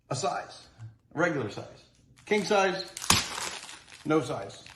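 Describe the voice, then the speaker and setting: Casting: a man doing an earnest, rambling candy reviewer, slightly high voice, roomy echo. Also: fairly bright tone. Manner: earnest, rambling, stumbles over words. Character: fussy adult male snack reviewer, earnest. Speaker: comedy sketch character reviewing candy. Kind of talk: mock product review. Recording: roomy echo, faint noise.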